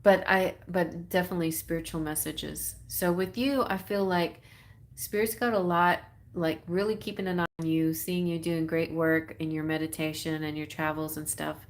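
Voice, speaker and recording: A woman from Texas with a Texan accent, chatting in a relaxed way and laughing often as she reads tarot on a live stream. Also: low-pitched, a little hiss or hum. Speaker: tarot reader.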